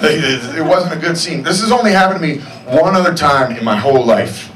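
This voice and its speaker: A young man performing a stand-up comedy set on a club stage, with deadpan asides and checks on the crowd. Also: fairly high pitch, brisk. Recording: echoey club sound from far off. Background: audience noise.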